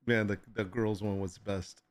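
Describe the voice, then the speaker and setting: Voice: low-pitched, steady tone, normal speed. A live-stream host in casual chat, reading viewer requests aloud and often laughing while reacting to photos.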